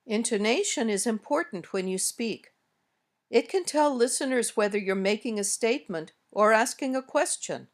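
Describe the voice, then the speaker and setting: An American woman reading a scripted English lesson, modeling sentences slowly and carefully as a teacher. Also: fairly high pitch, animated. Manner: slow, careful, clearly modeled example sentences. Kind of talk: scripted instructional narration.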